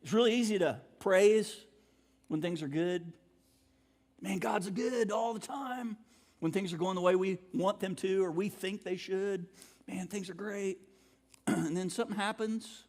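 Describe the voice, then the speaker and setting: Preaching at a moderate pace, a man with a distinctly high voice keeps his sermon relaxed and conversational. He frequently clears his throat between ideas, and his words echo with a long reverb through the church sanctuary.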